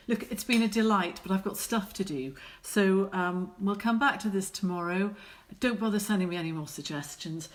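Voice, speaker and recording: A woman's voice: mid-range voice, a little slow, pauses often. A middle-aged woman, a watercolour artist, chatting casually while she paints and teasing her viewers as she reads out their comments. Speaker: watercolour artist hosting a live painting session.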